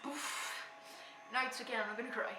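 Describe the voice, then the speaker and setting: Bright-voiced excitable young woman. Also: on the high side, brisk, reverberant, soft background music. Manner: excitable, talks back at the screen. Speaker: reaction vlogger. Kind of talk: casual reaction commentary.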